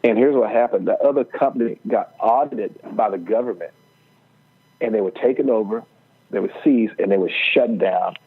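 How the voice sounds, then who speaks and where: A middle-aged man telling a personal faith story as a podcast guest, earnest and halting, with many fillers and restarts. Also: fairly low pitch, husky. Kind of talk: storytelling testimony. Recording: tinny phone-like line.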